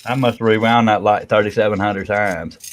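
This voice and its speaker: A man's voice: fairly low pitch, steady tone, normal speed, heavy background noise. Man cracking dry one-liners. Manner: dry one-liners, reads out chat comments. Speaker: co-host, twin brother of the host. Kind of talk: joking banter on a live stream.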